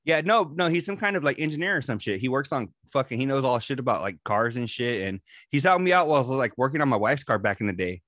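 A man's voice: mid-range voice, lively intonation, quick pace, few pauses, fairly bright tone, dry recording, clean studio sound. Profane laid-back podcast co-host, man. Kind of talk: casual podcast banter.

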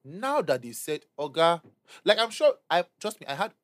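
A young Nigerian man co-hosting a casual podcast chat, rapid and repeating words as he finds his point. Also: sits high, big pitch swings, no room sound. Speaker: podcast co-host.

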